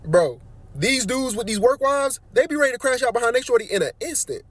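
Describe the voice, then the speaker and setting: A man telling a workplace story in a casual, slangy way, jumping his voice up high when he quotes himself. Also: brisk, dry recording, faint music behind. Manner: animated slangy storyteller, voice jumps up for quoted lines. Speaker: nursing aide on night shift.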